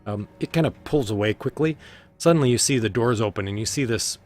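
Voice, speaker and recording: A man narrating a tabletop game as game master, slow and hesitant with lots of fillers. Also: mid-range voice, a little mellow.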